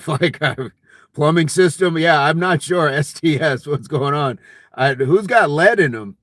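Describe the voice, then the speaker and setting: A man's voice: on the high side, a little slow, a bit bright, no room sound, clean studio sound. A man hosting a casual fitness live stream, reading viewer comments aloud in a jokey, friendly way and laughing often.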